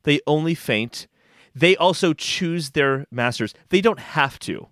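A man's voice: on the high side, expressive, unhurried, a bit bright, no room sound, studio quality. Indignant man arguing a mock defense. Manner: rhetorical questions, indignant debating tone. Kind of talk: comic mock courtroom argument.

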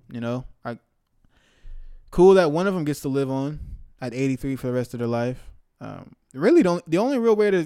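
A young man, casually reacting to a news article he reads aloud. He talks with animated, profane swings between loud outbursts and mumbled asides. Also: medium pitch, smooth. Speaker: commentator reading a news article.

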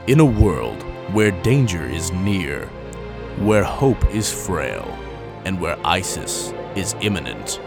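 A man voicing a grave male movie-trailer announcer, slow and dramatic. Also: sits low, big pitch swings, vocal fry, loud music behind the voice, pitched below the performer's own voice, heavily acted.

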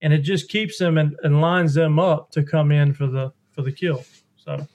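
A man's voice: on the high side, fairly even intonation, normal speed, a little mellow. Folksy man explaining duck calls. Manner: folksy, rambling, hands-on explainer. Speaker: duck call maker, guest. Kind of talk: podcast interview, explaining technique.

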